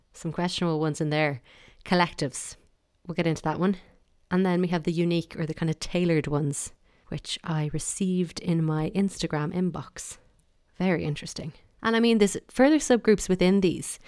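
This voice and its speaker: A woman's voice: on the low side, no echo, clean studio sound. An Irish woman talking casually and wryly, giving her opinions in a chatty monologue.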